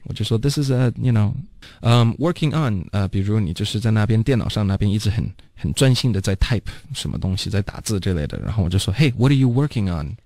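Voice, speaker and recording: A man's voice: on the low side, quick pace, warm tone, no echo, studio quality. A man teaching English phrases, explaining them and acting out the example lines. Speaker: language teacher. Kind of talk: bilingual phrase lesson.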